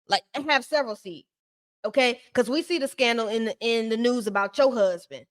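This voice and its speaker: Woman, slightly high voice, sassy, blunt, slangy, casual recap commentary. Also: brisk.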